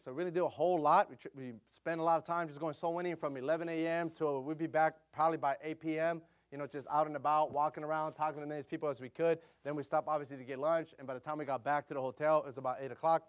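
Speaking fast with few pauses, a middle-aged male preacher offers a relaxed sermon full of stories, in a somewhat higher-than-average male voice. He leans on "you know" throughout and grows louder and more animated as his excitement builds.

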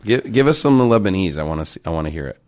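A man's voice: low voice, expressive, rapid-fire, darkish tone. A man co-hosting a podcast in a playful, joking casual chat. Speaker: podcast co-host.

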